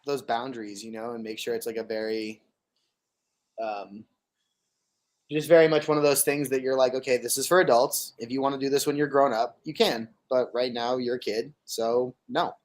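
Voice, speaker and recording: A man's voice: medium pitch, steady tone, normal speed. A man co-hosting a podcast, talking in a rambling, emphatic way and swearing when he gets worked up. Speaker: podcast co-host. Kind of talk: casual chat.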